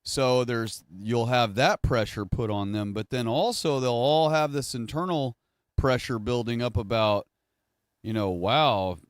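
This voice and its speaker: Male streamer, middle-pitched, resonant, talks in loose self-correcting monologue. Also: clear, resonant tone, no room sound, clean studio sound. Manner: rambling, self-correcting, conversational. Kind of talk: casual livestream monologue.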